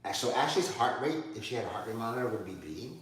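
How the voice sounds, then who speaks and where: A man's voice: mid-range voice, lively intonation, fast talker, a bit bright. A man teaching a one-on-one yoga class, cueing poses and urging his student on with repeated encouragement. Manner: encouraging, repeats "you got this". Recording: echoey room from far off with faint noise.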